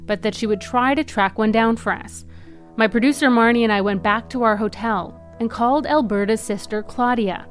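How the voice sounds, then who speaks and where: A woman, an investigative reporter, narrating a documentary podcast in a measured, serious tone. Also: a little high.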